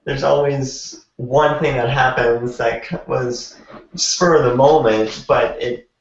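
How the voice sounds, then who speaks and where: A man's voice: mid-range voice, slow. A man hosts a casual online chat show, asking his guest questions eagerly. His voice sits in a roomy space and sounds dull and lo-fi. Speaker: host. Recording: roomy dull lo-fi stream audio.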